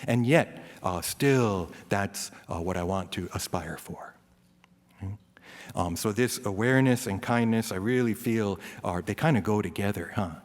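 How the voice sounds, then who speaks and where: A man giving an informal, self-deprecating Dharma talk, peppered with "right?" asides and rising into animated rants. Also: lowish voice, a little slow. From US East Coast. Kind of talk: informal sermon. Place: temple hall. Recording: reverberant hall.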